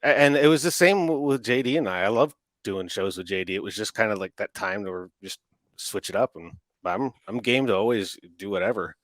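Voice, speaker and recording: Relaxed low-voiced man rambling on a podcast. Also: a little fast, dry recording. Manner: relaxed, rambling with many restarts. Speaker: podcast co-host and audio editor. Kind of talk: casual podcast chat.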